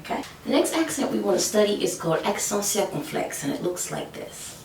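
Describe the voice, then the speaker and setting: A woman's voice: mid-range voice, very animated, brisk, background noise. A woman teaching French pronunciation, explaining patiently and often checking in with "okay?". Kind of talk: whiteboard language lesson. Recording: echoey room from far off.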